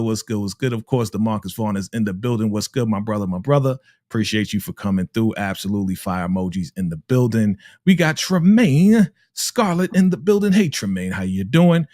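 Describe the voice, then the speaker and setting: A man's voice: mid-range voice, no room sound, clean studio sound. A man hosting a live recap stream who is hyped and repeats his greetings over and over in casual chat.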